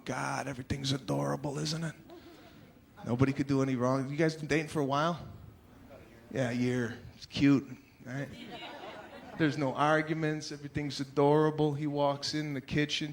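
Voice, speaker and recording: A man performing a stand-up comedy set on stage, animated and acting out the people in his stories. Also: mid-range voice, creaky. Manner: animated, acts out characters' voices. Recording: live show with audience noise.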